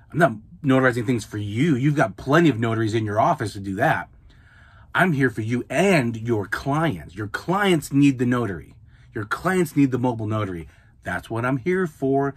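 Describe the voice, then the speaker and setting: Man, husky voice, podcast host, casual coaching, repeats points, talks to listeners. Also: mid-range voice. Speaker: podcast host, mobile notary.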